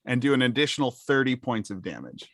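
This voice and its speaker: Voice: mid-range voice, very animated, quick pace, fairly bright tone, no echo, studio quality. A game master running a tabletop game, counting damage aloud with hesitant fillers.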